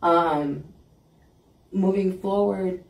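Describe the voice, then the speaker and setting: A woman's voice: fairly low pitch, very slow, gravelly. Blunt woman telling a story, roomy sound. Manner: blunt, animated, acts out quoted lines. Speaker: podcast guest. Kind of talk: casual storytelling. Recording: roomy sound, mic at a distance.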